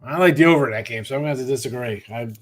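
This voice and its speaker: A man's voice: mid-range voice, rapid-fire. A man hosting a sports betting podcast, chatting casually and reading viewer comments, tired after a short night. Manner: rambling, offhand, talks to chat by name. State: tired, yawning.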